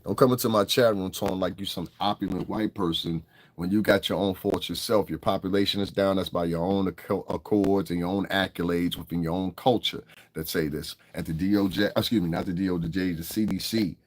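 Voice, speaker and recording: A man's voice: low voice, steady tone, fairly quick, slight background noise. A man hosting a livestream, blunt and profane, laughing often and answering his chat. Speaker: livestream host. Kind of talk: casual livestream commentary.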